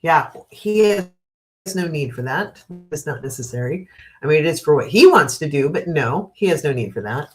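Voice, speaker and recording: A woman's voice: low voice, animated, moderate pace, darkish tone. A woman hosting a casual live stream, chatting, reading out viewer comments, laughing often and giving frank opinions on the news. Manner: frank and opinionated on current events.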